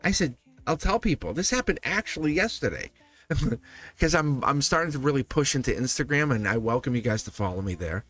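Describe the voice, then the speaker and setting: A man's voice: mid-range voice, animated, fairly quick, a bit bright, no echo, faint music behind. A man giving a live tarot reading to his viewers, talking animatedly, acting out quoted voices and laughing often. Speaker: tarot reader.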